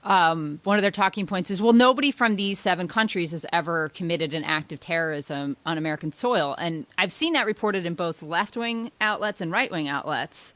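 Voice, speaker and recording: Female co-host, casual political banter, sarcastic edge, slightly low pitch. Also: a bit bright, no room sound. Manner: sarcastic, mocks others' views in quick asides. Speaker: podcast co-host.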